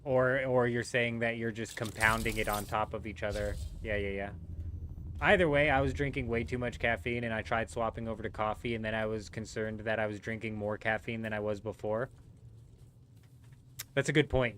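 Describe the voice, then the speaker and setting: A man's voice: lowish voice, fairly even intonation, fairly quick, fairly bright tone, a little hiss or hum. A man casually chatting with his viewers and answering their messages while he plays a game on a live stream.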